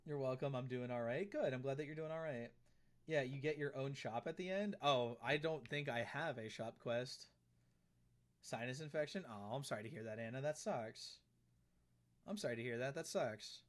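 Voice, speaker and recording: A man's voice: medium pitch, normal speed. Chatty male streamer answering his chat. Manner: chatty, reads and answers chat aloud, repeats phrases. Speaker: live streamer. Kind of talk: casual live-stream chat.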